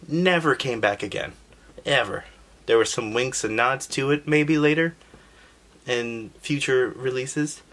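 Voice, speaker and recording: A man hosting a casual, sarcastic recap of an old video game story, joking and swearing as he goes. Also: mid-range voice. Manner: sarcastic, animated, profane. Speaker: gaming history channel host.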